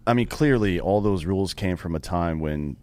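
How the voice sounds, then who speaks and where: A man's voice: low-pitched, lively intonation, normal speed, mellow, no echo. A man co-hosting a podcast, sardonic and profane in casual studio talk. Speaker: podcast co-host.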